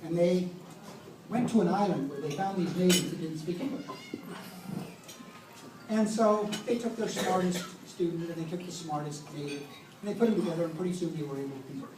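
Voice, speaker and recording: A man's voice: high voice, brisk. Middle-aged guy telling funny family stories at a memorial, roomy hall, mic set far back, noisy around him. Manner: storytelling, humorous anecdotes. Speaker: eulogist. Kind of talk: eulogy speech. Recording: echoey room, distant mic, background noise.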